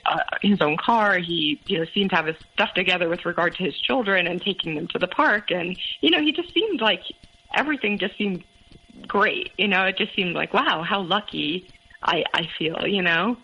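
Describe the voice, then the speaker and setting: A woman recounting her past relationship as a podcast guest, halting and full of fillers. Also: fairly low pitch, bright, forceful tone, slightly rough, highs cut off. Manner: halting, many fillers and restarts. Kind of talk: personal story in interview.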